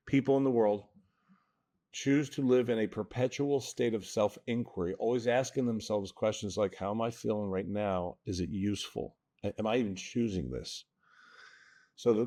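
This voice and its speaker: A man's voice: medium pitch, warm tone. A man, a mental toughness coach, explains his ideas in an interview in an earnest, emphatic way. He often checks in with "right?". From New Jersey.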